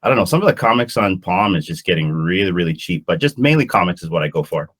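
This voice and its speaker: A man chatting casually on an online panel, relaxed and halting with many fillers. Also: deep voice, husky. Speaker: podcast panelist. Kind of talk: casual chat.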